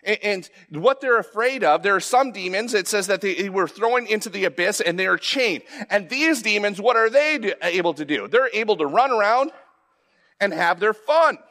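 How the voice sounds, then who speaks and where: A man delivers a sermon in a conversational, unscripted way. His voice sits high for a man, and he often repeats or restarts words before climbing into louder, more emphatic stretches. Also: animated, normal speed. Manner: conversational preaching with frequent restarts and rising emphasis. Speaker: pastor.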